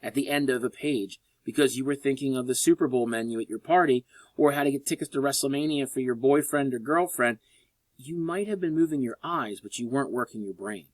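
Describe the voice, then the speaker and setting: A man teaching a college English class in a recorded lecture, lively and chatty, with sarcastic joking asides. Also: mid-range voice, fairly quick, no echo.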